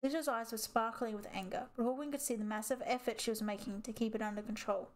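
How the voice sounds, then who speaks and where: Woman narrating a storybook, higher pitch. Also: steady tone, fast talker. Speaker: audiobook reader. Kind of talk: audiobook narration.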